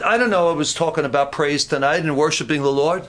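High-voiced impassioned male preacher. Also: fast talker, hardly any pauses. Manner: impassioned, rising to near-shouts; self-mocking, talks straight to the congregation. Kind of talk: sermon. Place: camp meeting hall.

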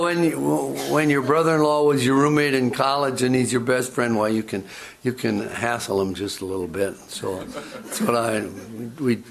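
An older man preaching a sermon, talking in a conversational, storytelling way that often stops and repeats words. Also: mid-range voice. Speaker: pastor.

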